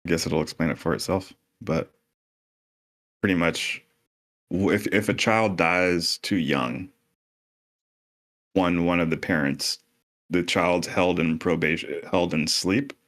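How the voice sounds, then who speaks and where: A man with a very deep voice talks through ideas in a loose, casual way, as if chatting with friends. He puts things in plain terms and drops the odd swear word. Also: takes it slowly, long pauses, fairly bright tone. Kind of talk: casual explanatory podcast talk.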